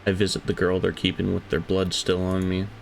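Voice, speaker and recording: Deep gravelly male storyteller. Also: monotone, a little fast, slight background noise. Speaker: narrator. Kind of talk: first-person story narration. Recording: soft music behind.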